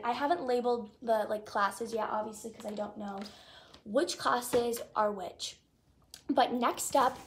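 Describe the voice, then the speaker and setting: A woman's voice: a little high, slight background noise. Gushing chatty teen girl. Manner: gushing, chatty, lots of "like" fillers. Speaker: vlogger. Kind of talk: casual haul video.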